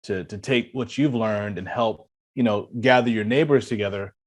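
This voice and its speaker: A man hosting an interview, speaking in a measured conversational way. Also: lowish voice. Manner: measured, many brief affirmations. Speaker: interview host.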